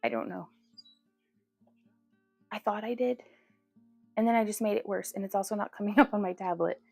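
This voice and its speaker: A woman's voice: medium pitch, moderate pace, gravelly, a little mellow, no echo, soft background music. A woman hosting a casual livestream, chatty and giggly, often laughing at herself. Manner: giggly, chatty, self-deprecating. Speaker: livestream host.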